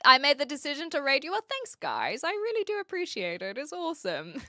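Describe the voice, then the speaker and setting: A woman's voice: high voice, huge pitch swings, brisk, bright, forceful tone, no room sound, studio quality. Giggly New Zealand woman streaming. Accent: New Zealand, softened by years in Australia and the UK. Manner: giggly and bubbly, reads chat aloud, frequent laughs. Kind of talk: casual live-stream chat with viewers. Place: attic.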